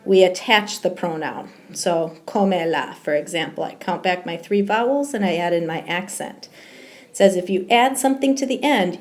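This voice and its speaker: Teacher lady going over grammar rules, steady mid voice, says um a lot. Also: mid-range voice. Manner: explains step by step, with frequent ums. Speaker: Spanish teacher. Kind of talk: recorded slideshow grammar lesson.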